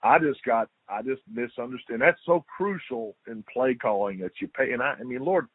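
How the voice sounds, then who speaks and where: A man's voice: medium pitch, moderate pace, husky, no echo. An older man, a former football player, telling stories as a guest in a casual interview, repeating his words and acting out quotes. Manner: lively storyteller, repeats words, acts out quotes. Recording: tinny dry phone line.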